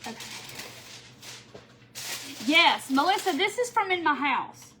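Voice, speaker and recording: Bright-voiced chatty woman. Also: high-pitched, sing-song, slow, a little hiss or hum, rough recording. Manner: chatty, laughs often, answers viewers by name. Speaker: craft tutorial host. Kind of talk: casual livestream chat while crafting.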